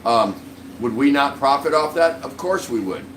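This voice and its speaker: A man's voice: medium pitch, lively intonation, moderate pace, fairly bright tone, roomy sound, far from the mic, slight background noise, poor audio. A man hosting a casual live-stream vlog, rambling in a friendly way and greeting viewers by name. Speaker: livestream vlog host.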